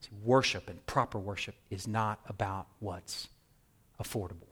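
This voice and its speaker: A man preaching a sermon, storytelling animatedly and swinging from hushed to loud. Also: on the low side, moderate pace, slightly rough. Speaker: pastor.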